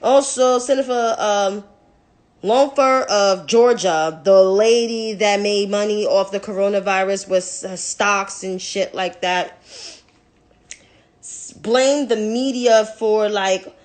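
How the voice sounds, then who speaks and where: A woman's voice: mid-range voice, takes it slowly. A young woman giving blunt, profane, exasperated commentary in a casual vlog. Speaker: political commentator.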